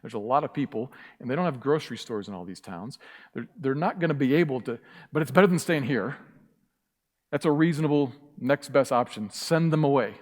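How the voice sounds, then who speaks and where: A man's voice: medium pitch, expressive, a little fast. A man preaching a sermon as pastor, emphatic and impassioned, repeating key phrases. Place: church sanctuary. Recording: church hall reverb.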